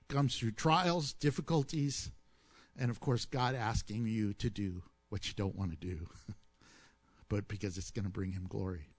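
A man preaching a sermon as pastor, lively and emphatic, then dropping low and soft into prayer. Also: husky.

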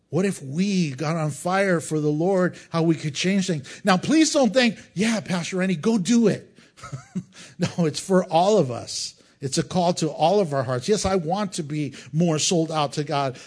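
Animated high-voiced male pastor preaching. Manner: animated, acts out crowd voices, jokes and chuckles. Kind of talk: sermon.

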